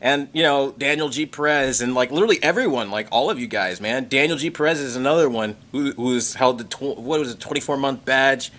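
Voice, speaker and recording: Excitable rambling man on a livestream. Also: mid-range voice, a little fast, few pauses. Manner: excitable and rambling, swears casually, lots of "like" and "man". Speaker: tech channel host reading member messages on a livestream. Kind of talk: casual livestream chat.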